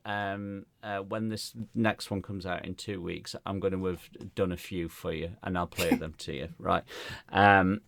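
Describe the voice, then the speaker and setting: A man's voice: lowish voice, no room sound. A man, a stand-up comedian co-hosting a podcast and telling a gig story in casual chat, acting out the people he quotes. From Gateshead, northeast England. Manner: animated storyteller, acts out quotes, laughs often.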